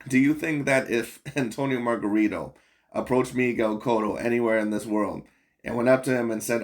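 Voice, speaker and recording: A man's voice: mid-range voice, normal speed. A man hosting a boxing commentary channel, talking bluntly and profanely in a rambling, casual rant full of fillers.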